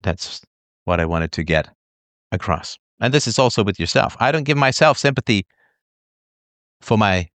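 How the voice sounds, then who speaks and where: Blunt low-voiced man lecturing. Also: expressive, moderate pace, long pauses, a bit bright, no room sound. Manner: blunt, emphatic, acts out whiny quotes. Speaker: podcast host. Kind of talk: monologue to listeners.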